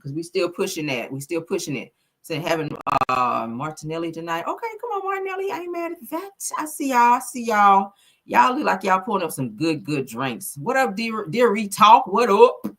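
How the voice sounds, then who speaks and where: A woman's voice: lowish voice, animated, moderate pace. Sassy, profane woman gossip host. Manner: profane, sassy, chatty, reads viewer comments aloud. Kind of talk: casual live-stream gossip chat.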